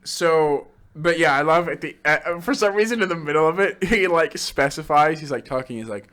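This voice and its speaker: Bright young man, hoarse, laughing. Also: fairly high pitch, moderate pace. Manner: laughs often, acts out quoted lines. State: losing his voice. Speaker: podcast co-host. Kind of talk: casual movie chat.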